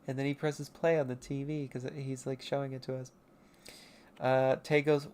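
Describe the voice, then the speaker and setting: A young adult artist chats loosely on a livestream, poking fun at their own childhood work and dropping into quick character bits. The voice carries a gravelly, fry-tinged texture at a middling pitch, picked up on a home streaming mic. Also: little pitch movement, a little mellow. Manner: rambling, self-mocking, briefly acting out character lines. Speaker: artist livestreaming a comic read-through. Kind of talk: casual livestream commentary.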